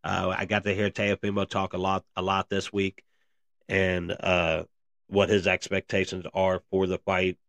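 Man, very low voice, dry close sound, casual rambling podcast talk, lots of fillers. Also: monotone, measured pace, fairly bright tone, no room sound. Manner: rambling, filler-heavy, says "man" and "guys" a lot. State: briefly out of breath. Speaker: podcast host. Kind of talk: casual solo podcast commentary.

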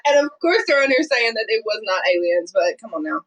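A woman's voice: mid-range voice, lively intonation, fairly quick, highs cut off, a loud crowd. A woman co-hosting a podcast in casual chat, blunt and emphatic with lots of swearing. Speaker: podcast co-host.

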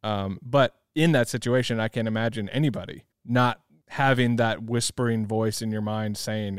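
A man's voice: on the low side, fairly even intonation, fairly quick, hardly any pauses, smooth, dry recording, studio quality. A man co-hosting a podcast, talking through a film in a thoughtful, rambling way and laughing often. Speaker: podcast co-host. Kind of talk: casual movie discussion.

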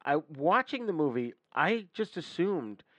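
A man's voice: a little high, big pitch swings, measured pace, a bit bright, dry recording. A man co-hosting a podcast, talking casually about films and listing titles, with some filler words. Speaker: podcast co-host. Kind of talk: casual film discussion.

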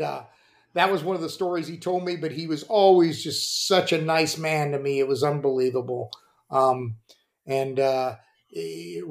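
An older man, a former pitcher and coach, telling rambling stories on a podcast with plenty of restarts and fillers. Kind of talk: casual storytelling.

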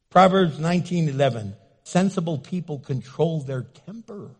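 A man preaching a sermon as pastor, animated and jokey, acting out the quotes he tells. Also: fairly high pitch, moderate pace, husky. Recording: echoey hall reverb.

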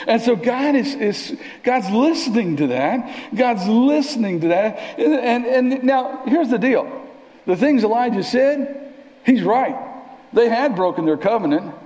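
A man preaching a sermon in a church, conversational and animated, sometimes dropping to a near whisper. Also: sits high, a little slow. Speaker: pastor. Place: church sanctuary. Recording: long reverb of a church hall.

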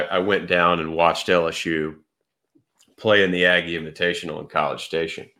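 A middle-aged man, a podcast guest, telling a relaxed story in casual chat. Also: deep voice. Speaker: podcast guest, former pro golfer.

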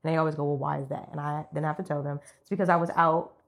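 A woman chatting on a podcast with a fairly low voice that has gone rough from a week of coughing. She talks quickly, speaking up bluntly and then trailing off quietly in her stories. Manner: blunt, animated storyteller who trails off quietly. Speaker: podcast co-host. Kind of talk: casual chat.

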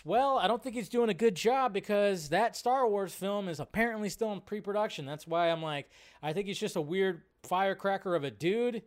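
A man with a voice that sits high hosts a casual live-stream chat at normal speed. He rambles and frequently cuts himself off while reading out viewer questions.

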